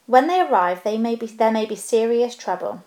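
A woman's voice: animated, fairly quick, a little mellow, lightly acted. Bilbo, a woman doing a fussy polite male hobbit. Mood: polite, earnest. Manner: prim businesslike courtesy, a little squeaky. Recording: roomy echo.

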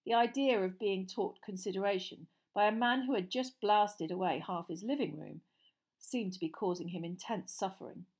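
A woman narrating a storybook audiobook in a steady, clear reading voice. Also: medium pitch, moderate pace.

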